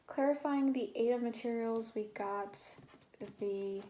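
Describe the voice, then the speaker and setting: A woman's voice: a little high, a little slow, warm tone. Woman doing a tarot reading, rambly chatty talk, bit of faint hiss n clicks. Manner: chatty, rambling, many fillers and restarts. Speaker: tarot reader. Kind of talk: casual tarot reading to camera.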